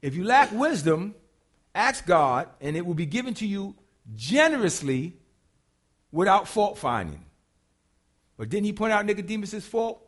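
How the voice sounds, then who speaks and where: A man's voice: high-pitched, sing-song, measured pace, long pauses, fairly bright tone. A man preaching a sermon, colloquial and humorous, acting out quotes and asides as he teaches. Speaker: pastor.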